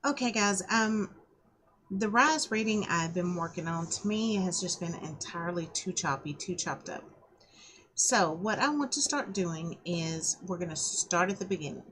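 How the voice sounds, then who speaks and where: A woman's voice: on the low side, expressive, moderate pace, fairly bright tone. Woman with a scratchy throat reading aloud. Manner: casual, welcoming to viewers. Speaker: author reading her own novel.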